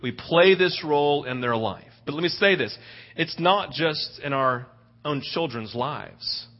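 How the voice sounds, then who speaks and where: A high-pitched man preaching from the pulpit, telling stories with real animation and bursting into shouts at the big moments. The audio is a little dull and lo-fi. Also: unhurried. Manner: animated storytelling, rising to shouts when excited. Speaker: pastor. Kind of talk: sermon.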